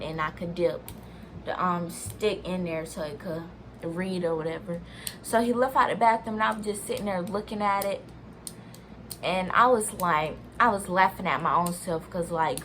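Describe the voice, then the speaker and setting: Young woman, vlogger, casual storytime, lower-pitched voice, rambling and chatty, addresses viewers directly. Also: normal speed, pushed and bright, a little hiss or hum. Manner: chatty, talks straight to viewers as "y'all"; rambling, restarts sentences, many "like"s.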